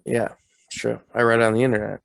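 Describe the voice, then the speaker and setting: Low-voiced man in casual podcast chat. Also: monotone, fast talker, gravelly, smooth, no room sound. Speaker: podcast co-host.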